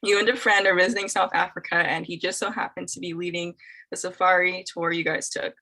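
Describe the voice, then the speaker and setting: Woman host, casual chat, giggly and a bit tongue-tied on names, bright tone. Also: lowish voice, fairly even intonation, brisk, poor audio. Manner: laughs often, stumbles over names. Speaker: host reading dating scenarios. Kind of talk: casual group chat, reading a scenario aloud.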